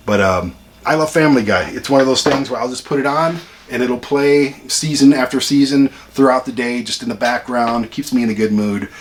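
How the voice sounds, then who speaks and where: A man hosting a casual home vlog, chatty and excitable with rambling asides. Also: mid-range voice. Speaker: channel host ranking toy collection. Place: home room with a TV.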